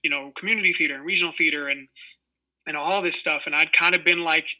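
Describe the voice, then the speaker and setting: A man in his twenties with a very bright, forward voice, sitting for a casual interview on a video call. He talks in loose, rambling stories, full of "you know" and "like". His pitch sits a little high for a man. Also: fairly even intonation, quick pace, low-quality recording. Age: 20s. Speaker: actor guest.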